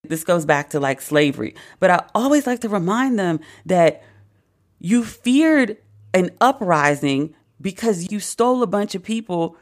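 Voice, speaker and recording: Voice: medium pitch, a little slow. Host for comedic talk; blunt, swearing, sarcastic riffs in a mid-range voice. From United States. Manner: profane, sarcastic, with animated asides. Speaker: podcast host. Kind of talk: casual comedic commentary.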